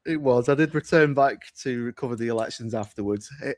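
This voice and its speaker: A British man who works on podcasts, chatting casually in a relaxed, offhand way. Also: mid-range voice, brisk, no room sound, studio quality. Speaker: podcast producer. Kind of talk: casual chat.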